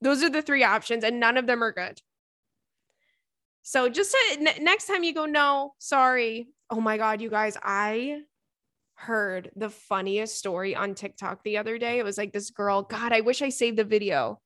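A young woman hosting a casual podcast, telling dating stories and reading a listener's letter in an animated, giggly way. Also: on the high side, moderate pace, no echo, clean studio sound. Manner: animated, giggly storytelling with frequent fillers. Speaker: podcast host.

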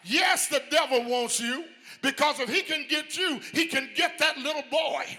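A man preaching a sermon in a sing-song whooping style, shouting his climaxes and calling out to the congregation. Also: extremely high pitch, moderate pace. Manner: calls out to the congregation.

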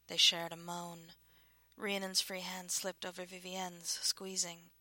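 A woman narrates a novel in a hushed, breathy voice that often slips into a half-whisper. Her pitch sits fairly low and flat, with a bright, forward edge to the tone. The sound is close and dry. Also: slow, dry recording. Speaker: audiobook narrator. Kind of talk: scripted narration.

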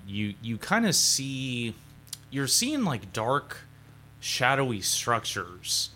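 A man's voice: mid-range voice, bright, forceful tone, a little hiss or hum. A young man narrating a tabletop game as game master, in a casual, rambling way with fillers.

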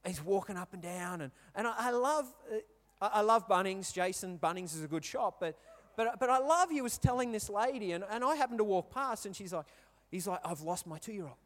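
A man's voice: high-pitched, animated, fairly quick, a bit bright. A man in his thirties with an Australian accent, giving a chatty sermon full of stories and questions to the congregation. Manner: chatty, storytelling, asks the crowd questions. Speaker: pastor. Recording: reverberant hall.

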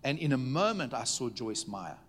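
A man preaching to a congregation, telling stories in a conversational way, checking in with the listeners and dropping to a hushed tone at tender moments. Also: medium pitch, very animated, moderate pace, slight background noise. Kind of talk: storytelling sermon. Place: church meeting before a live audience.

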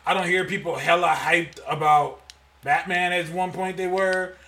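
High bright-voiced guy riffing on a podcast, lots of pitch swings, roomy echo. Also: moderate pace, distant mic. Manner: animated, laughs often, emphatic. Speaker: podcast co-host. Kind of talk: casual chat.

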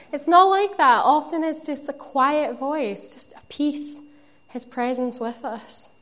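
A woman's voice: high voice, slow, a bit bright. A woman preaching a sermon, earnest and conversational, with playful asides to the congregation.

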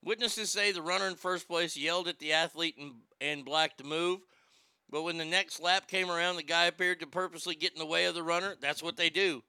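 Brief: male show host, sharp bright tone, dry close sound, profane irreverent comedic commentary. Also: fairly high pitch, fairly even intonation, a little fast, smooth, no room sound.

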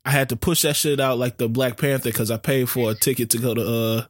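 Man, podcast co-host, casual slang, relaxed storytelling, dry close sound. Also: medium pitch, brisk, no echo. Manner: laid-back slang-heavy storytelling. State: recovering from being sick. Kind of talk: casual chat.

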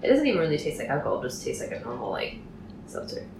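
A woman's voice: low-pitched, wildly swooping pitch, racing, roomy sound, noisy background. A woman co-hosting a casual podcast over drinks, playful and drawing out her words. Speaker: podcast co-host.

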